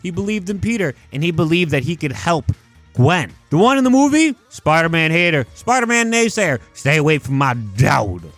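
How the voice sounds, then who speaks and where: A young man talks through a countdown list in loose, animated commentary, filling his sentences with "like" and pushing into emphatic rants. His voice sits a bit high for a man, and faint music plays underneath. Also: brisk, no echo. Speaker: YouTube movie commentator. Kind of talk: casual ranking commentary.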